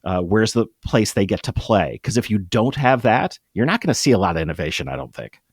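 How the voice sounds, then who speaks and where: A middle-aged man talking as a guest in an interview, explaining with emphatic, lively energy. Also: fairly low pitch, a little fast, breathy edge, no room sound, studio quality. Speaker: guest, improv comedy producer. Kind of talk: conversational interview.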